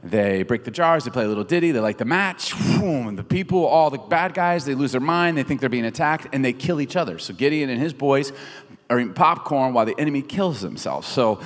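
Casual preacher in a reverberant hall. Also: male voice, mid-range voice, a little fast. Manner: conversational and animated, jokes with the audience. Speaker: pastor. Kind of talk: casual sermon storytelling.

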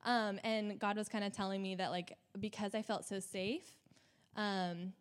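A woman's voice: medium pitch, flat delivery, unhurried. Young woman host talking openly about her faith, lots of likes. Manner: candid, emotional, many "like" fillers. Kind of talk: casual personal faith sharing.

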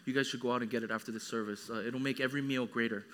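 A young man preaching a sermon as a pastor, animated, acting out quoted voices. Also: mid-range voice, racing.

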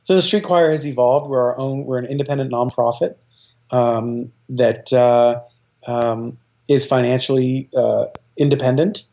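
A man talks with eager enthusiasm in a casual interview, rambling through his thoughts with frequent fillers and self-corrections. His voice is mellow and dark, and the recording sounds dull and lo-fi. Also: mid-range voice, fairly even intonation, unhurried. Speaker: choir director and guest.

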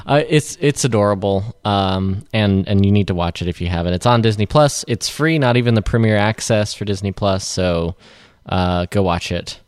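A man hosting a relaxed movie chat, rambling and restarting his sentences as he thinks aloud. His voice sits fairly low, and the recording is dry and close with no room sound. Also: normal speed, smooth, dry recording. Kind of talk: casual film review chat.

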